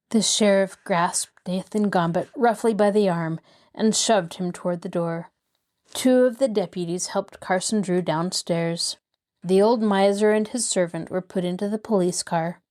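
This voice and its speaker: Lady reading a storybook out loud, middle pitch, goes higher when the characters get excited. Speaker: storyteller host. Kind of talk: reading a novel aloud, voicing the characters.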